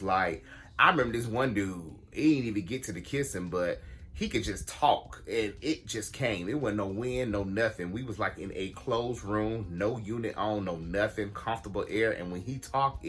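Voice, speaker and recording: A man telling a story to his viewers in a casual vlog, blunt and animated, swearing freely and calling his audience y'all. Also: fairly low pitch, slightly rough. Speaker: vlogger.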